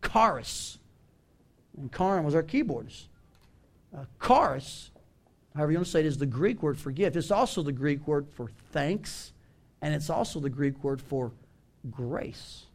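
A man with a Southern US accent preaching a sermon as pastor, animated and emphatic, calling on the congregation to respond. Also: a little high, moderate pace, pauses often. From American South.

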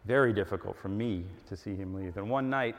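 Middle-aged man, sermon, animated, emphatic, acts out dialogues, long hall echo. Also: lowish voice, brisk.

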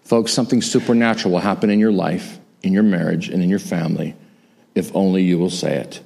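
Emphatic low-voiced preaching man. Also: steady tone, a little fast, gravelly, darkish tone. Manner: emphatic, repetitive preaching cadence. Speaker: pastor. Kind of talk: sermon and closing prayer.

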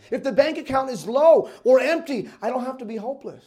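A man preaching a sermon in an earnest way, repeating words as he builds a point and dropping to a quiet voice for emphasis. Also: very high voice, lively intonation, a little fast. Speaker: pastor.

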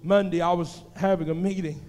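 Man, pastor, sermon, fervent, hushed to shouting, very high voice, long church reverb. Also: steady tone, fairly quick, soft background music. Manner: impassioned preaching, swings from hushed to shouting. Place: church sanctuary.

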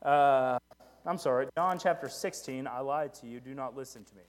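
A man's voice: medium pitch, normal speed. A man preaching a sermon in a conversational way, with frequent "right?" asides and self-deprecating humor. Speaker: pastor. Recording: echoey hall with long reverb.

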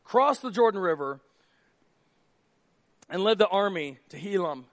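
Male pastor, high-pitched voice, conversational sermon delivery with hushed lows and shouted highs. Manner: conversational, drops to a hush for acted dialogue, then rises to near shouts. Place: church auditorium stage.

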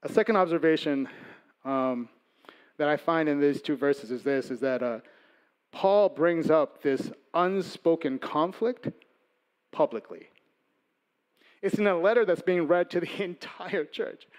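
Conversational pastor, a man with a higher voice. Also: measured pace, pauses often, clear, resonant tone. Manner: conversational, swings between loud emphasis and soft asides. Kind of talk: sermon.

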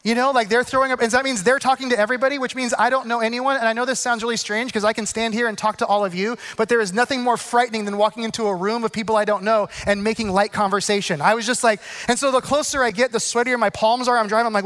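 A man who is a pastor, telling a self-deprecating story in his sermon and then turning earnest and unhurried. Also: extremely high pitch, steady tone, fairly bright tone.

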